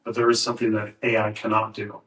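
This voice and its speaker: A man's voice: on the low side, completely flat delivery, fast talker, fairly bright tone. A man who works in escrow, chatting casually on a podcast, curious and teasing, full of questions. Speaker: escrow officer and podcast co-host. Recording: echoey room, distant from mic.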